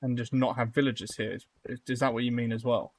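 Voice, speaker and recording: A young man chats loosely with his viewers while he builds in a game on a live stream. He rambles, trails off and restarts often, with an everyday pitch that sits in the middle for a man. His talk stays relaxed and informal throughout. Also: fairly quick. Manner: rambling, lots of fillers, talks to chat. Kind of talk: casual live-stream chat.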